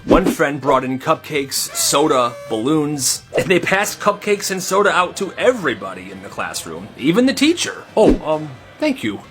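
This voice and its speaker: A man narrating comedic school stories in a casual, animated way, slipping into character voices. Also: a little high, moderate pace, few pauses. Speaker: storyteller. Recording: music playing behind.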